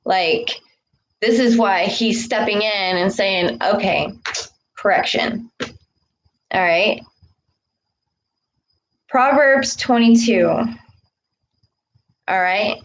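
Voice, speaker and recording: Slow-talking woman preaching casually. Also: mid-range voice, a little hiss or hum, rough recording. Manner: preachy, repeats "okay" and "all right". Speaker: spiritual vlogger. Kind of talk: casual spiritual talk to camera.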